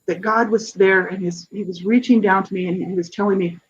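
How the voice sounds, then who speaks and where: A woman's voice: mid-range voice, steady tone, fairly quick, dull audio, slight background noise. A woman in her fifties, a guest on a radio interview, earnestly telling her personal story with frequent restarts and asides. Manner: earnest, searching, frequent restarts and "you know, right?". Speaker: interview guest, author and advocate.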